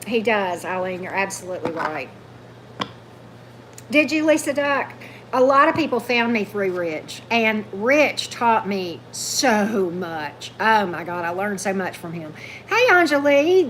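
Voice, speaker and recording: A woman hosting a casual livestream, gushing, animated, and answering viewer comments. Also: medium pitch, a little slow, slight background noise. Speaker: tarot channel host.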